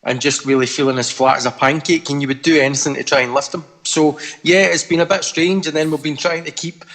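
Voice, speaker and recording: A man's voice: fairly high pitch, steady tone, brisk, a bit bright. A man, a pastor, speaking plainly and steadily on a video call.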